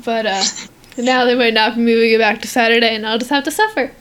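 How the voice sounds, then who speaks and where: A woman's voice: fairly high pitch, steady tone, quick pace, a bit bright, smooth. A teenage girl co-hosting a podcast, chatting casually, rambling with lots of fillers and giggles. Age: teens. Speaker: podcast co-host. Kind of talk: casual chat.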